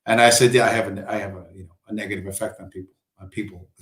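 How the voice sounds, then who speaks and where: A man's voice: lowish voice, fairly even intonation, racing. A man rambling through a profane, meandering story on a casual livestream, often mimicking the people he quotes. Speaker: livestream host. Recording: echoey room.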